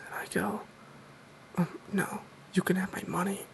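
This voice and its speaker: Man, soft-spoken ASMR, deadpan, mock-serious, creaky, partly whispered. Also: sits high, measured pace, low-quality recording. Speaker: ASMR creator.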